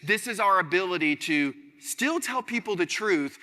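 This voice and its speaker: A man giving an energetic keynote speech on a conference stage, talking straight to his audience. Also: high-pitched, normal speed. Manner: animated, addresses audience directly as y'all. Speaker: keynote speaker. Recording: large hall reverb.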